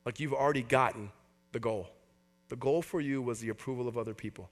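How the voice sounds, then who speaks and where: A man's voice: medium pitch, quick pace. A man, a pastor, preaching a conversational sermon to a church congregation and acting out the voices he quotes. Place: church hall before a congregation.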